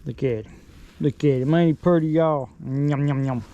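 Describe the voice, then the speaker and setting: A middle-aged man, giving excited, folksy commentary while fishing from a boat outdoors. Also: a little high, normal speed, muffled recording, a little hiss or hum. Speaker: fishing vlogger.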